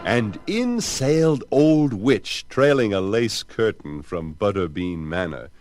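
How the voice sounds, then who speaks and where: Man, storybook narrator, lowish voice, animated, unhurried, theatrical reading. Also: no echo, faint music behind.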